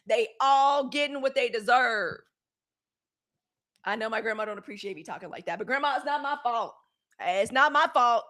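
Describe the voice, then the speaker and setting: A high-pitched woman hosting a live streamed news show, talking in a loose, casual way straight to her audience. She is chatty and outspoken, and she slips easily into blunt, profane rants. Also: moderate pace, fairly bright tone. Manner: chatty, outspoken, addresses viewers as y'all and girl.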